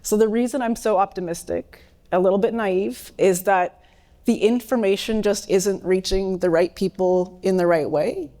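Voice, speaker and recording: A woman's voice: medium pitch, normal speed, mellow. A woman answering on a conference panel, earnest in manner. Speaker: panelist, engineer.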